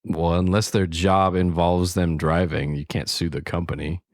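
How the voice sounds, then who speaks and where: A man's voice: sits low, flat delivery, moderate pace, dry recording. A man co-hosting a podcast in a studio, chatting casually and teasing with frequent laughs. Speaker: podcast co-host. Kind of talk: casual chat.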